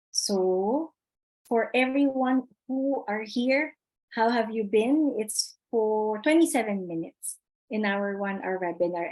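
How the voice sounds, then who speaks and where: A woman's voice: a little high, darkish tone, rough recording. A woman giving a live webinar on presentation skills, chatty, reading the chat aloud and repeating her key points.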